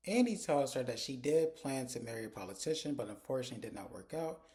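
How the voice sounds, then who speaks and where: Male episode reviewer, chatty casual recap, medium pitch. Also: lively intonation, fast talker, darkish tone. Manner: chatty, conversational.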